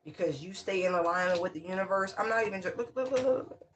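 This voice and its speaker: A tarot reader talking casually to viewers, excitable and laughing often, stretching out exclamations. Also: mid-range voice, fast, a little hiss or hum.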